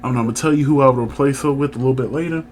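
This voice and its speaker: A man co-hosting a casual review chat, animated and teasing as he leads the talk. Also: medium pitch, rapid-fire, slight background noise. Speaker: podcast co-host.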